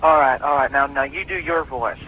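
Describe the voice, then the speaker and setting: A man's voice: medium pitch, fairly quick, sharp tone, slight background noise, poor audio. A man playing a bumbling police officer on a prank call, trying to sort out a dispute. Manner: bumbling, mediating.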